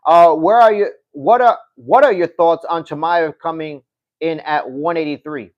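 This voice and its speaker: A man hosting a casual livestream, reading chat comments and talking straight to his viewers, animated and swearing now and then. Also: a little high, normal speed, lo-fi sound. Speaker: livestream host.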